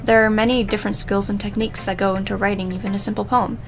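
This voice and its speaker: A woman voicing a shy, polite, bookish teenage girl, speaking softly and hesitantly while reading game dialogue aloud. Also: mid-range voice, flat delivery, fast, faint music behind, close to an everyday voice. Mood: gentle. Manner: soft, hesitant, apologetic.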